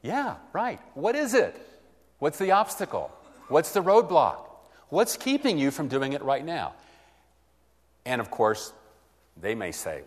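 A man's voice: mid-range voice, very animated, unhurried, pauses often, big-room sound. A man preaching a teaching sermon, acting out both sides of a conversation.

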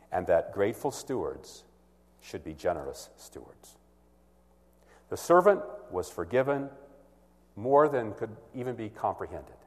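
A man's voice: fairly low pitch, darkish tone. A man preaching an earnest, emphatic sermon in a church. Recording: long reverb of a large hall.

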